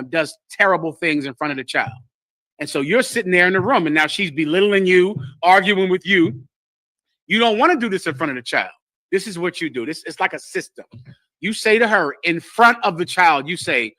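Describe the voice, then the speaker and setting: A man teaches a congregation in a forceful, preachy sermon style. His voice sits high and bright. The sound is dry, with little room around it. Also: no room sound. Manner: emphatic, blunt, preachy. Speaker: teacher leading a congregation class.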